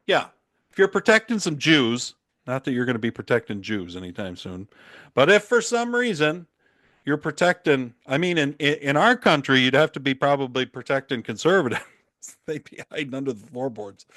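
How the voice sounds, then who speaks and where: A man's voice: fairly high pitch, a bit bright, no room sound, clean studio sound. A man hosting a podcast, giving casual, opinionated Bible commentary with frequent restarts and chuckles. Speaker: podcast host.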